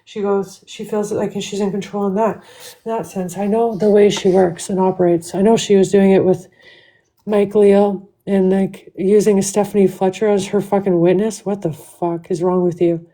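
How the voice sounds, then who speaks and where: A woman's voice: medium pitch, little pitch movement, normal speed, dark tone, low-quality recording. A woman livestreaming an angry, profane rant full of "like" fillers. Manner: heated, profane, with constant "like" fillers. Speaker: TikTok live streamer. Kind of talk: angry ranting livestream monologue.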